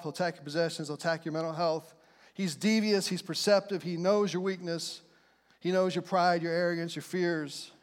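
High-voiced emphatic male preacher. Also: big-room sound. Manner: emphatic, storytelling, repetitive. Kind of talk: sermon.

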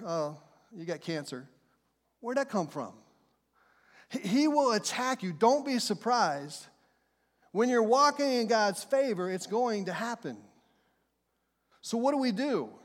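A man's voice: high-pitched, big-room sound. A man preaching a sermon, emphatic and repetitive, retelling a Bible story with energy.

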